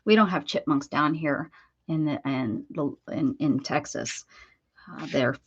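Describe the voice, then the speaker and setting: Crafting on a casual home livestream, a woman from Pennsylvania, USA chats, laughs, and slips into baby talk for her dog between tips. Her voice sits low and is slightly rough, her delivery a little slow, with dull audio.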